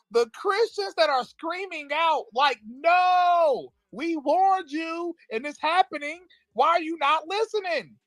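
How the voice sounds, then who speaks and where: A man's voice: very high-pitched, no room sound, low-quality recording. Fiery man ranting on a live stream. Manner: impassioned, laughing, fast bursts with repeated restarts. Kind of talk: heated political talk.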